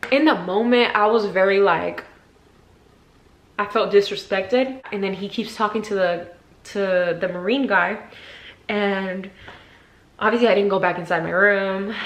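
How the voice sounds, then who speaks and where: Young woman vlogger in a casual storytime: chatty, heavy on "like," jumps loud when she acts out quotes. Mid-pitched voice in an echoey room. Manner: chatty, frequent "like" fillers; acts out quotes with sudden shifts in loudness. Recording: roomy echo.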